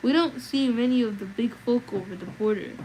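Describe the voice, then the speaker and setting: A woman's voice: on the high side, a little fast, warm tone, slight background noise, close to an everyday voice, poor audio. A woman voicing a stubborn middle-aged male hobbit farmer telling his tale in plain country speech for a read-aloud. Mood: wary.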